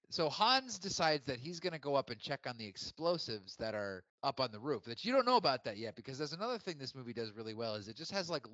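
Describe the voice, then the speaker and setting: A man co-hosting a podcast, chatting casually and excitedly about a movie. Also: medium pitch, dry recording, highs cut off. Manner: animated, quotes movie lines. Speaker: podcast co-host.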